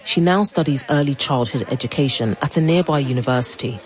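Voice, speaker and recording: A woman reporter narrating a news feature in a calm, steady voice. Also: rumbling low, fairly quick, rough recording.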